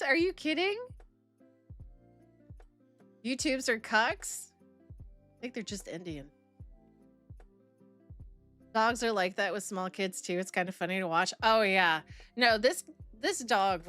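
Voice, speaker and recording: A young adult woman streams live with a medium-pitched, fairly bright voice, reacting to videos and reading chat. She rambles casually with her viewers and laughs often.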